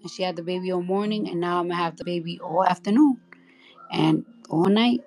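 A woman's voice: fairly low pitch, brisk, a little mellow, low-quality recording. A woman hosting a casual live audio chat, talking bluntly and profanely, sleepy, with faint baby music playing behind her.

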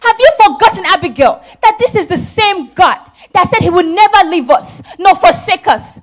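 A woman's voice: extremely high pitch, animated, normal speed. Woman playing a devout, pleading Nigerian mother. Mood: fervent. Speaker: stage actor. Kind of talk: stage drama acting.

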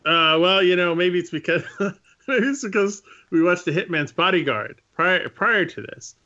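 A man's voice: sits high, animated, a little slow, bright, forceful tone, lo-fi sound. A man co-hosting a casual podcast chat, easygoing and a little hesitant as he talks. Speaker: podcast co-host.

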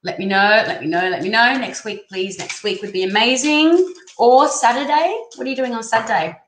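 Host: bubbly woman, slightly high voice, chatty live tarot reader, echoey room with faint hiss. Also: normal speed. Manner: bubbly, chatty, excitable, reads out viewer comments. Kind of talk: casual live-stream tarot reading.

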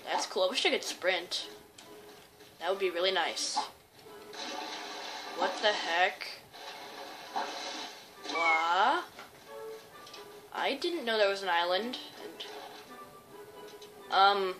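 A woman's voice: medium pitch, animated, slow pace, pauses often. A young woman casually commenting while playing a video game, rambling and easily surprised. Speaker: gaming YouTuber. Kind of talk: casual let's-play commentary. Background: game music.

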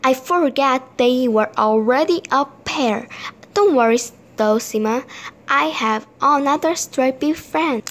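A woman's voice: high-pitched, measured pace, fairly bright tone. A woman doing a cheerful helpful toy friend. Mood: eager. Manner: upbeat, eager, proud.

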